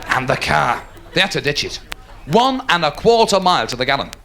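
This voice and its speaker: Lively stand-up comedian. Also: male voice, fairly high pitch, creaky, a little hiss or hum. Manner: animated storytelling with quick put-on voices. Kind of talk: live stand-up comedy routine. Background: audience laughter.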